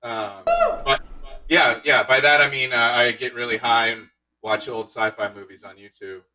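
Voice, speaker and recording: A man doing a stand-up comedy set, telling deadpan one-liners with awkward asides. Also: mid-range voice, moderate pace, distant mic, low-quality recording. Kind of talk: stand-up set streamed live.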